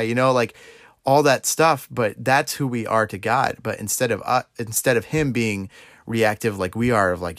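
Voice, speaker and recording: A man's voice: mid-range voice, moderate pace, a bit bright, dry recording, clean studio sound. A young man preaching an informal sermon in a loose, conversational way, often restarting his sentences. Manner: conversational, rambling, self-correcting, laughs while speaking.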